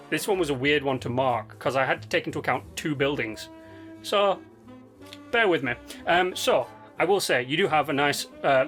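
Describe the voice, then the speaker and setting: A man's voice: mid-range voice, a bit bright. A man hosting a gaming video, reviewing player builds in casual, slangy commentary that rambles with fillers and restarts. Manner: laid-back, slangy and rambling with many ums and restarts. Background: faint background music.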